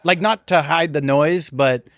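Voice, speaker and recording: Relaxed, rambling podcast co-host. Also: male voice, fairly high pitch, measured pace, no room sound, studio quality. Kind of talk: casual comedic banter.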